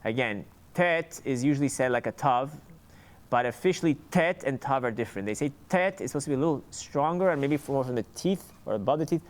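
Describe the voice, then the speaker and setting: A man giving an informal lesson on Hebrew letter sounds, sounding them out slowly and often restarting his sentences. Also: medium pitch, lively intonation. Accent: Sephardic Hebrew pronunciation. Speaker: Hebrew reading teacher.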